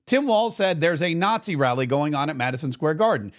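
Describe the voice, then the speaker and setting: High-voiced indignant male commentator. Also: fairly quick. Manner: animated, indignant, repeats phrases. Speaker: political commentary host. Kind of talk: opinionated commentary.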